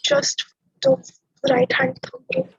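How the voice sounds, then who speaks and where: A woman with a very high, gravelly voice answers exam questions over a dull, dry video call. She sounds hesitant and unsure of her answers. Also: completely flat delivery, unhurried, no echo. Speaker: student.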